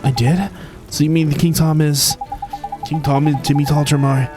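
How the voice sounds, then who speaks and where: A man's voice: fairly high pitch, flat delivery, moderate pace, voice pushed up, natural voice. A man reading an earnest young boy hero. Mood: curious. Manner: earnest, questioning. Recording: game music behind.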